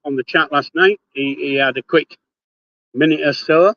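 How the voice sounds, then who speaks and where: Blunt Yorkshire grandad on a phone livestream. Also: male voice, on the high side, moderate pace, dry recording, dull audio. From Yorkshire, England. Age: older. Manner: blunt, swears casually, speaks before thinking. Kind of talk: casual live-stream chat. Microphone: phone held in hand.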